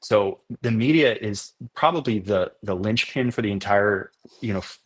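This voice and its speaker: A man on a podcast interview, explaining things at length and telling animated stories from his filming work. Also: fairly low pitch, moderate pace, husky. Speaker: documentary filmmaker guest.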